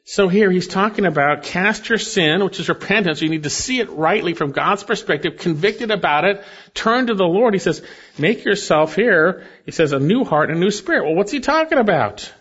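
A man's voice: high-pitched, lively intonation, normal speed, a bit bright, husky. A man preaching a sermon, reading scripture aloud and pleading earnestly with his listeners. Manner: earnest, emphatic, rising and falling with scripture readings. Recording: slightly dull lo-fi recording.

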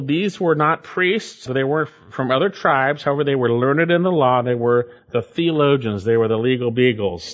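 A man preaching a sermon and reading scripture aloud, with emphatic swings in pitch and loudness. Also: dull audio. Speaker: pastor.

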